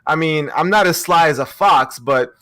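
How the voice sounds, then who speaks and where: A man's voice: a little high, moderate pace, bright, forceful tone. A man on a podcast panel, trash-talking and joking casually over a remote call. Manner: joking trash talk, playful boasting. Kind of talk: casual chat.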